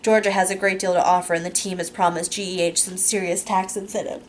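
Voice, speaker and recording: Woman narrator, audiobook reading, lower voice, steady and unhurried, casual slips. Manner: steady, unhurried reading with small self-corrections. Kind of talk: first-person novel reading.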